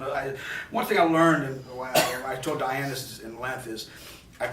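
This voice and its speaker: A man, a film director from New York, telling a rambling, animated story in an interview at a film festival, with many restarts. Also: mid-range voice, slight background noise. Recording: echoey, distant mic with faint ambience.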